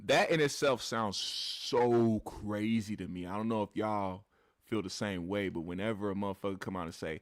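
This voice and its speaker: A man's voice: fairly low pitch, moderate pace, no echo, clean studio sound. A man hosting a commentary show, talking bluntly and with plenty of profanity straight to his live chat audience.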